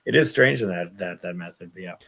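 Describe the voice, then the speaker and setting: A man's voice: deep voice, fast, vocal fry, sharp tone. A man in casual podcast chat, laid-back and chuckling.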